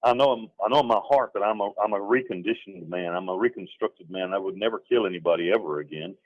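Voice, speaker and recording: A middle-aged North Carolina man tells his life story in an interview, talking fast in a low voice, rambling and emphatic, sometimes acting out what others said. The audio is dry, narrow and tinny.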